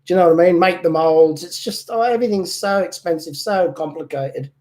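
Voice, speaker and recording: A man's voice: on the high side, fairly quick, darkish tone. A middle-aged man hosting a casual live stream about model cars, joking and chuckling at himself. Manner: joking, chuckling, self-deprecating. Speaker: host of a model-car channel.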